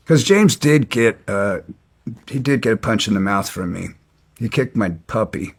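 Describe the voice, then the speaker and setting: Gravelly low-voiced man telling stories. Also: lively intonation. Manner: gravelly, halting with restarts. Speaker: guest. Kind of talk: storytelling interview.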